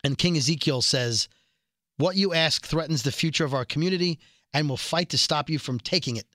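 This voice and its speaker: Joking man with a bright voice. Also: a little high, dry recording, clean studio sound. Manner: jokey, acts out quotes in quick voices. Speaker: podcast co-host recapping a TV episode. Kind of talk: casual chat. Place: New York.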